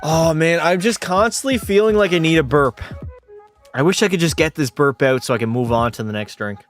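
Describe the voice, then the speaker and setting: A young man with a fairly high voice streams from home, tipsy from beer and swearing freely. He argues hockey with his chat in a casual, combative way. Faint music plays behind him. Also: a little fast. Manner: profane, argumentative, talks back to chat. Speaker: game streamer.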